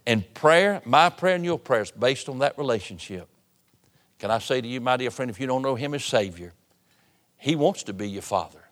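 A man preaching from a church pulpit, his voice at an ordinary middle pitch. He presses hard on appeals, then drops to a near hush for tender lines. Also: expressive, brisk. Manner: emphatic preaching, swings from loud appeals to hushed tones. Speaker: pastor. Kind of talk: sermon. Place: church sanctuary.

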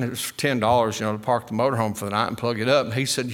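A man in his sixties with a Mississippi Southern accent, a preacher telling a story in a sermon in a folksy, animated way. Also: medium pitch, rapid-fire. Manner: folksy, animated, acts out the voices of others.

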